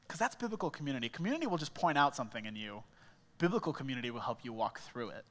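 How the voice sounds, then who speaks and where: A man's voice: fairly high pitch, expressive, rapid-fire, a bit bright. A young man preaching a sermon as a small groups pastor, telling stories in a conversational, self-mocking way. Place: church auditorium. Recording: reverberant church hall.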